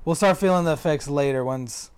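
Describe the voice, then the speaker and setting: A young man with a smooth, resonant voice co-hosts a podcast and talks bluntly, swearing freely. His voice sits a little on the high side. It is recorded close and dry. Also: brisk, darkish tone, no echo. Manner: blunt, profane, exasperated ranting. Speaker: podcast co-host. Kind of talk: casual chat.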